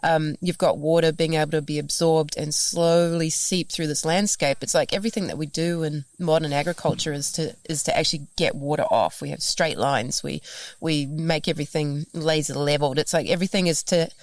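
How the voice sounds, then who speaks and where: A woman from New Zealand with a New Zealand accent, talking casually as a podcast guest and telling stories with lively acted-out dialogue. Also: low voice, a little fast, dry recording. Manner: animated storyteller, laughs often, acts out dialogue. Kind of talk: casual conversation. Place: farm, recorded in person.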